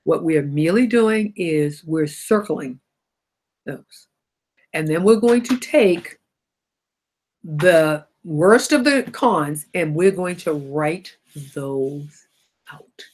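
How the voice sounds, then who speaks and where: Middle-aged woman host with a cold, slightly low voice, lively motivational talk that laughs and corrects itself. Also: slow. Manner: animated, laughs and self-corrects often. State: has a cold. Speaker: host of a self-help broadcast.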